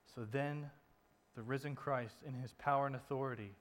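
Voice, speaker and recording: A man preaching a sermon in a conversational way, dropping soft and low to stress a point. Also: fairly even intonation, moderate pace. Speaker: pastor. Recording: long reverb in a hall.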